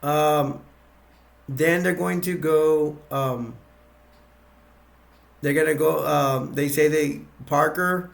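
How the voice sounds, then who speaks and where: Gravelly man rambling through a plot. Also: medium pitch. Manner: rambling, many ums and restarts. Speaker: movie reviewer. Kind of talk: casual plot retelling. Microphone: attached to a bag.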